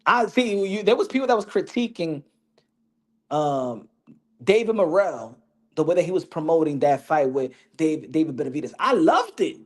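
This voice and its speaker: A man's voice: on the high side, sing-song, normal speed. A man giving casual boxing opinions, rambling with restarts and dropping Spanish slang. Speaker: boxing commentator.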